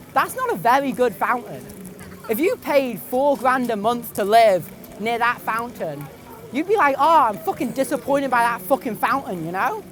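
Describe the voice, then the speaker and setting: A young man, a comedian and tour guide, rambling in a gloomy, self-deprecating deadpan and swearing freely, outdoors on a busy city street. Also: sits high, poor audio. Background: traffic and street noise.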